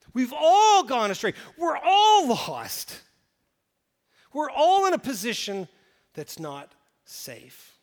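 A man preaching a sermon, animated, with emphatic rises and hushed drops. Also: very high voice, big-room sound. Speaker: pastor.

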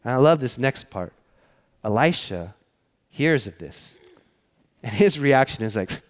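A male preacher at a middle pitch delivers his sermon in a conversational storytelling way. He often sinks into hushed, weighty phrases. His voice echoes with a long reverb in a church hall. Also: big pitch swings, a little slow.

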